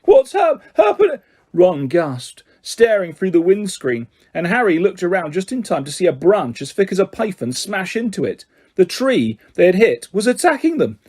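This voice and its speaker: A man narrating an audiobook in an expressive, dramatic reading style. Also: high-pitched, moderate pace, slightly rough. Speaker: audiobook reader. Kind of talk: scripted storybook narration.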